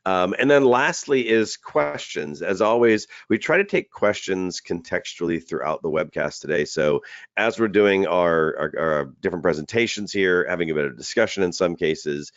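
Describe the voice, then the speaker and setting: This man's voice is deep and a bit bright, with no room sound. As host of a training webinar, he presents casually and chattily, rambling and restarting sentences often, all through dull lo-fi web call audio.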